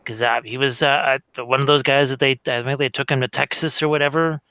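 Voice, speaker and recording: A man's voice: medium pitch, steady tone, brisk, bright, forceful tone. A man chatting casually in a hobby hangout, musing and trailing off. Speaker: hangout participant. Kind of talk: casual chat.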